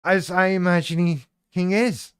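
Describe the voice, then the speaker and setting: A man's voice: high voice, fairly even intonation, measured pace, a bit bright, smooth, dry recording, clean studio sound. A man hosting a live stream, chatting casually in a rambling, irreverent, sweary way and reacting to viewers' comments.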